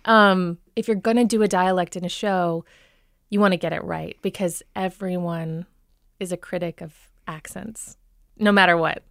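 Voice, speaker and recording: A woman's voice: on the low side, fairly even intonation, moderate pace, vocal fry, fairly bright tone, no echo, clean studio sound. A woman with a Minnesota accent, a dialect coach, explaining accents in an enthusiastic radio conversation, with frequent ums. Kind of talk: expert guest in radio talk.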